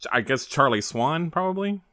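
A man's voice: fairly high pitch, animated, normal speed, pushed and bright, no echo, clean studio sound. A man player on a tabletop game podcast, hesitant with stammered restarts and wry remarks. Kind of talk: casual podcast chat.

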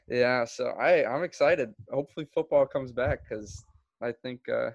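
A man hosting a podcast in casual chat, relaxed and rambling with plenty of fillers and restarts. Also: mid-range voice, a little slow, creaky, no room sound. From Florida. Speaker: podcast host.

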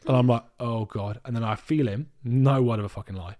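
A man's voice: mid-range voice, a little fast. A young man co-hosting a podcast, telling travel stories in casual chat and swearing freely. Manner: swears a lot, animated storytelling. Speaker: podcast co-host.

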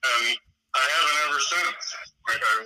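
A man's voice: a little high, normal speed, pushed and bright, rough recording. A man from Iowa, a rugby player and referee, telling stories in a casual chat, laughing and swearing freely. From Iowa, United States.

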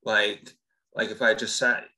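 A man's voice: lowish voice, level tone, a little slow, pushed and bright, rough recording. A man who works as a voice actor, a podcast guest explaining his craft in a thoughtful, earnest way. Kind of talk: casual interview chat.

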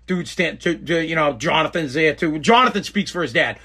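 A man telling a story in a casual, animated rant, acting out quotes and swearing freely. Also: on the high side, normal speed. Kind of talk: casual ranting monologue.

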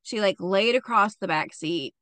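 A woman's voice: medium pitch, normal speed, a bit bright, no room sound. Young female podcast host, casual true-crime storyteller, swears freely, dry close-up sound. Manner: chatty and profane, with frequent "like" fillers.

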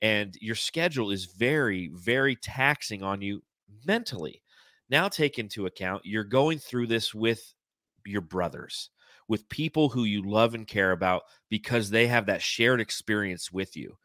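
A man's voice: on the low side, expressive, a little slow, sharp tone, dry recording. A man hosting a sports podcast, talking casually and at length about a basketball team. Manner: conversational, rambling sports talk. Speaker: podcast host.

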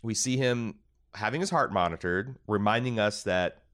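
A man's voice: fairly low pitch, moderate pace, a bit bright. A man hosting a casual TV recap, rambling and paraphrasing characters with many fillers.

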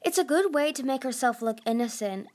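A bookish young male dragon, as a woman reads him, explaining things in a lecturing tone that trips into stammers. The voice sits high and bright for a boy. It is a storybook reading. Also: lively intonation, fairly quick. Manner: lecturing, stammering when flustered.

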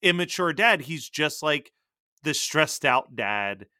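A man co-hosting a podcast in casual pop culture chat, animated and full of "like" fillers. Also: on the high side, slow, no echo, clean studio sound. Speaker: podcast co-host.

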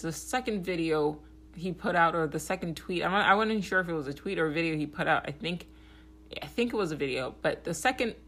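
A woman hosting a podcast, giving a blunt, profane political monologue and often checking in with "okay?". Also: fairly bright tone. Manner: grows heated and higher when agitated. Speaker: podcast host.

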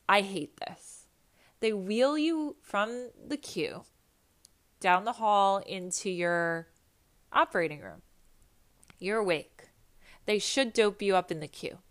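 A woman telling a personal story in a chatty, animated, self-mocking way, with quick asides and restarts. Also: mid-range voice. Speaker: storyteller recounting a hospital visit. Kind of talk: casual storytelling monologue.

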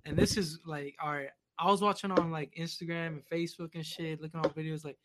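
A man's voice: on the high side, flat delivery, fast talker. A man telling a story in casual, slangy chat as a podcast guest. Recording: noisy background.

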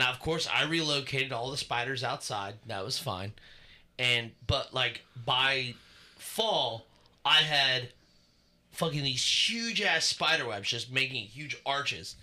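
A man co-hosting a podcast, telling stories in a casual, profane, animated way and getting loud when he gets worked up. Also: medium pitch, measured pace. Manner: profane, animated storyteller who shouts when excited. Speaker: podcast co-host. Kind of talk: casual chat.

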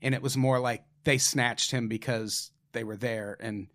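A man in casual podcast chat, retelling stories in a relaxed, conversational way with many fillers. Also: medium pitch, unhurried.

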